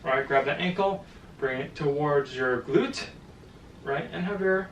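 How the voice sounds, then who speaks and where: A male boxing coach guides a stretching session, counting each hold aloud and dropping quick encouraging cues. He sounds slightly winded, and his voice sits a little high. It reaches the mic from across an echoey room with a faint background hiss. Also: recorded from a distance, dull audio. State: a little out of breath. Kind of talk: home workout instruction.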